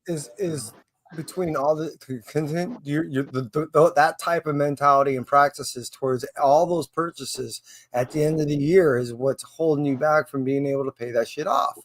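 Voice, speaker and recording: Brief: slightly high-voiced man, persistent and lecturing, explains at length. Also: steady tone, normal speed. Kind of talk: casual chat.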